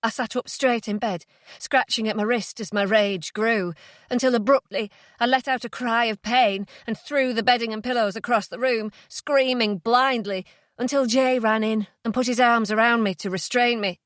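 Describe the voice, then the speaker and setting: Woman, audiobook narrator, first-person thriller reading, hushed and tense, dry booth sound. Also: a little high, steady tone, moderate pace, no room sound.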